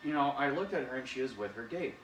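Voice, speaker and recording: A man's voice: medium pitch, expressive, quick pace, fairly bright tone, a little hiss or hum, natural voice. A man playing an eager young male ice cream worker who rambles through his story. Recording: echoey room, distant mic.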